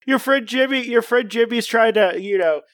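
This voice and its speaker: A man's voice: extremely high pitch, moderate pace, a bit bright, no echo, clean studio sound. A young man in casual podcast chat, rambling and playful as he spins odd hypothetical stories.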